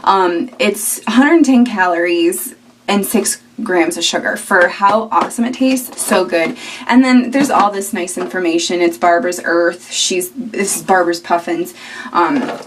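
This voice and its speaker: A woman's voice: lowish voice, unhurried, slight background noise. Chatty young woman vlogging from a distance. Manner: chatty and rambling, with fillers and laughs. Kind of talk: casual chat to camera. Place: at home indoors.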